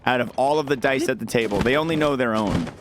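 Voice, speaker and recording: A man's voice: mid-range voice, quick pace. A young adult man streaming a game, chatting casually and rambling as he answers his chat. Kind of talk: casual live-stream chat while gaming. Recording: background noise with mouse clicks.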